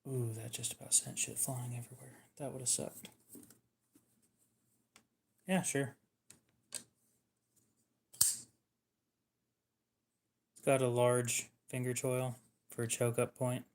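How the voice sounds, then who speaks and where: A man chatting casually on a livestream while showing knives for sale, speaking in a flat monotone. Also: medium pitch, takes it slowly, creaky, long pauses. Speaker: livestream knife seller.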